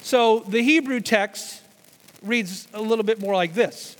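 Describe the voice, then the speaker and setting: Man, pastor, high voice, teaching sermon, long reverb of a church hall. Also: unhurried. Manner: teaching, explaining scripture with restarts and emphasis.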